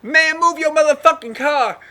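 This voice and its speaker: A man imitating a furious male bus driver who yells profanity and threats. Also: medium pitch, fairly quick, lightly acted. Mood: angry.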